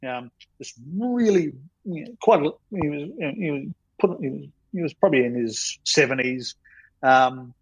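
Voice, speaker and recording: A man's voice: medium pitch, breathy edge, no echo, low-quality recording. A man, a storyboard artist telling stories on a podcast in a rambling, self-deprecating way. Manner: rambling, self-deprecating, many ums and you-knows.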